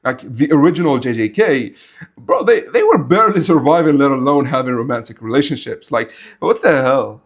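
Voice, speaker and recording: A man's voice: medium pitch, fairly quick. A young man from Algeria, an Arabic speaker, chatting casually with viewers on a livestream in a blunt, rambling way. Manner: animated, rambling, blunt and informal. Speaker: streamer.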